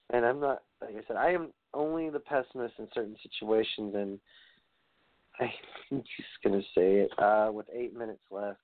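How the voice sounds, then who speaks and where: A man's voice: mid-range voice, no echo. A man giving a rambling, profane rant as a wrestling commentator, sounding exasperated. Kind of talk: ranting podcast commentary. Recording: dry tinny phone-like audio.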